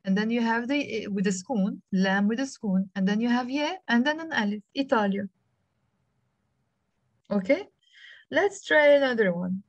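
A woman's voice: a little high, moderate pace, pauses often, no echo. A woman with a Lebanese accent teaching an online beginners' language class over a video call, patiently spelling out letters one by one and encouraging her students. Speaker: Arabic teacher. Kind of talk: live online language lesson.

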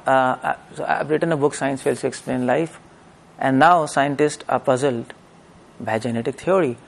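A man delivers a religious discourse like a lecture, turning to his listeners with tag questions. His voice sits slightly high and carries a gravelly rasp. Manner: rhetorical questions to the audience, with tag questions. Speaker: preacher.

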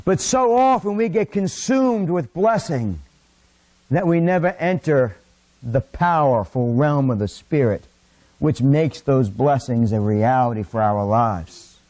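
A middle-aged man preaching a sermon in a church, impassioned, rising to near-shouts. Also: medium pitch, lively intonation, slow pace. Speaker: pastor. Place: church sanctuary.

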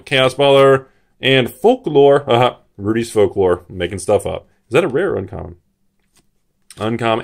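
A man hosting a card-collecting channel, talking excitedly to his viewers as he opens a booster box and reacts to each card. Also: lowish voice. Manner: excitable, full of exclamations; chatty, addresses viewers directly. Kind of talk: booster box opening commentary.

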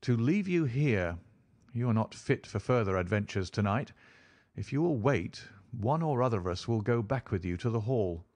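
A man voicing a calm, commanding middle-aged detective in a storybook reading, measured and authoritative. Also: mid-range voice.

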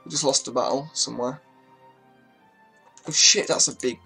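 A man's voice: medium pitch, moderate pace, gravelly, sharp tone, breathy edge, soft background music. Chatty man narrating strategy gameplay. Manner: chatty, swears freely, talks to his units. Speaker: gaming YouTuber. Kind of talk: casual strategy-game commentary.

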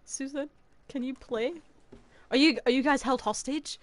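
A young adult woman streaming a video game in casual chat, excitable and dramatic, often gasping and laughing. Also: high-pitched, moderate pace.

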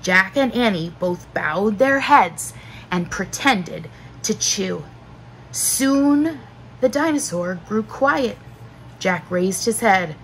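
A woman teacher narrating a children's book aloud in a slow, expressive storytelling manner. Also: medium pitch, a little hiss or hum, poor audio.

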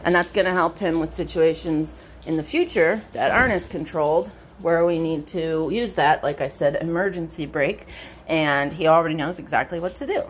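A woman dog trainer explaining a training session in casual narration at home, switching between high bright praise for her dog and low quiet explanation. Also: normal speed, a little hiss or hum. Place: indoors at home with pets.

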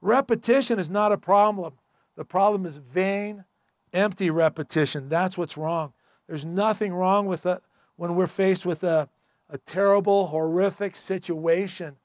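A man's voice: high-pitched, unhurried, dry recording, clean studio sound. A man pastor preaching a sermon in church, earnest and emphatic in a conversational way.

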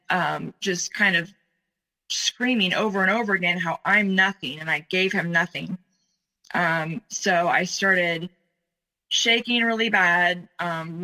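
A woman in her forties, a guest telling her own story in conversation, speaking in a halting, earnest way with many fillers. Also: on the low side, sharp tone, poor audio. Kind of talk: personal account in conversation.

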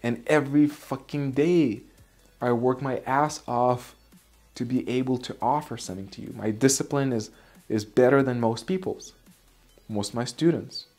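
A man's voice: mid-range voice, normal speed, a little mellow, soft background music. A man, an Aikido instructor, casually telling a personal story; candid, swearing at times and restarting his sentences.

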